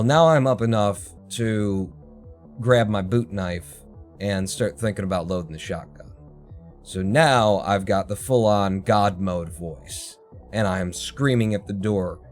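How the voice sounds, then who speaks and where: A man hosting a livestream, telling a story as a heated, heavily profane rant from home. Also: low-pitched. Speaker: livestream host. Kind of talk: casual ranting story. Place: home, indoors.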